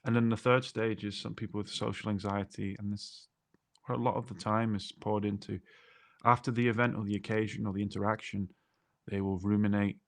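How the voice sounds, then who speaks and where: Male co-host, lowish voice, talkative explainer. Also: little pitch movement, a little fast, gravelly. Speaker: podcast co-host. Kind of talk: explanatory podcast chat.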